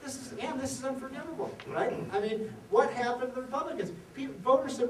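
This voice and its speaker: Animated male economist in an echoey hall. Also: very high voice, quick pace, few pauses, recorded from a distance. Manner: animated storyteller, rhetorical questions to the audience. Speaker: economist giving a dinner speech. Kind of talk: after-dinner policy speech with jokes. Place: event hall at a reception.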